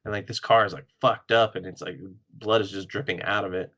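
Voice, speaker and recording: A man's voice: fairly low pitch, steady tone, a little fast, bright, forceful tone, muffled recording. A man co-hosting a podcast, chatting casually about comics and laughing often. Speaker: podcast co-host. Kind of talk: casual comic book chat.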